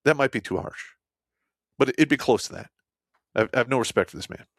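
A man telling a war story as an army veteran in a casual, blunt, heavily profane way, swinging between loud outbursts and low muttered asides. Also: lively intonation, a little fast, gravelly, dry recording, studio quality.

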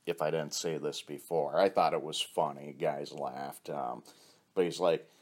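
A man with a very low, deep voice spins loose, rambling stories in a casual, offhand way. He swears freely and chuckles at his own jokes as he goes. The tone is relaxed and conversational, as if talking to a friend. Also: a little slow. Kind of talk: casual storytelling.

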